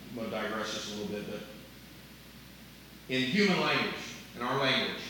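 An older man preaching a sermon, earnest, moving between loud emphasis and quiet asides. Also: medium pitch, slight background noise. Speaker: pastor. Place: church sanctuary. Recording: echoey room, voice from a distance.

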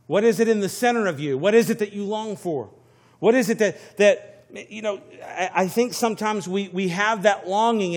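A male preacher with a notably high voice delivers a sermon with emphasis, circling back to repeat phrases. He sounds earnest and engaged with his listeners. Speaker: pastor.

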